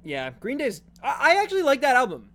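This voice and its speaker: A man's voice: very high voice, huge pitch swings, brisk, a bit bright. A man from Canada streaming a game, rambling and joking as he answers his chat in casual talk.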